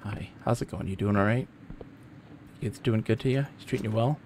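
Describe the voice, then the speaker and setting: This livestreamer has a lowish, darkish voice and talks a little fast, with a faint hiss or hum in the audio. He rambles through casual gameplay chat and cracks jokes at the on-screen characters.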